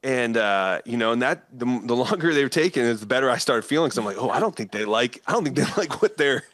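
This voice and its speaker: A man with a Midwestern American accent is telling a story as a guest in an interview. He speaks at an ordinary middle pitch and keeps slipping into the voices of the people he quotes, laughing now and then. The recording is dry and close, with no room sound. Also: lively intonation, fast talker, fairly bright tone, dry recording. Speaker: guest, politician and former pastor. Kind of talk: animated storytelling in conversation.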